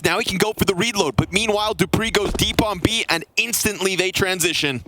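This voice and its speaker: A man calling an esports match play-by-play, fast and rising to shouts at big plays. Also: high voice, music in the background. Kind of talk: live esports commentary.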